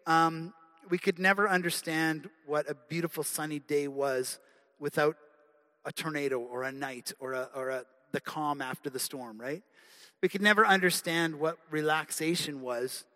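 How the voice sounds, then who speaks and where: A man's voice: on the high side, pushed and bright. A male preacher giving an earnest, conversational sermon in a church. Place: church sanctuary. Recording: long hall reverb.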